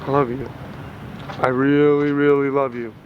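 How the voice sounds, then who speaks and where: Recorded beside passing traffic, this short comedy's lead plays a jilted young man pleading and rambling in a video message to his former partner. The voice is natural, mid-pitched and level, delivered at a measured pace, though the audio sounds dull.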